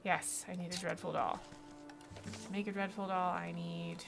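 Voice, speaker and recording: A woman's voice: fairly low pitch, flat delivery, normal speed, creaky. A woman streamer chatting casually to herself and her viewers as she plays a game. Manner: chatty, talks to herself and the chat. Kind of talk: casual gameplay commentary. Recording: game music playing behind.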